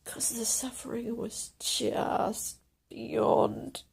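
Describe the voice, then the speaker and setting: Woman, video blogger, rambling monologue, heavy vocal fry, husky tone, slips into whispers. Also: a little high, little pitch movement, extremely slow. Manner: rambling, often drops to a hushed whisper.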